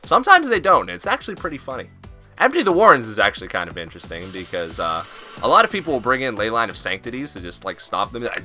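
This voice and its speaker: A man with a very bright, sharp voice talks through game commentary in a loose, joking way. His pitch leaps around freely, and he throws in swearing and silly asides. Faint music plays underneath him. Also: wildly swooping pitch, fast talker. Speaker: host. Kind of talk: casual commentary.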